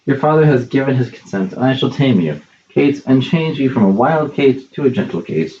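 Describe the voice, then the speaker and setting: A man's voice: medium pitch, lively intonation, fairly quick, mellow, lo-fi sound, slight background noise, natural voice. A man doing a bold, teasing young suitor.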